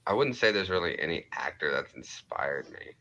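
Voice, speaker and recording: Bright joking guy hosting a live chat, lively up and down voice. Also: low-pitched, normal speed, lo-fi sound, slight background noise. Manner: joking, playful. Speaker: live stream host and voice mimic. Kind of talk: casual chat.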